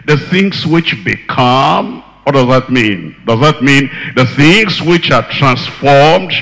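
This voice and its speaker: A man's voice: mid-range voice, lively intonation, slow pace, gravelly, fairly bright tone, long reverb tail, poor audio. A man preaching a sermon, with an emphatic, repetitive cadence.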